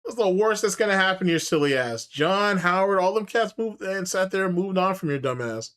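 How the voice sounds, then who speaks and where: A man's voice: sits high, expressive, fairly quick, fairly bright tone. A man giving casual, profane commentary as host, mocking and taunting with frequent laughter.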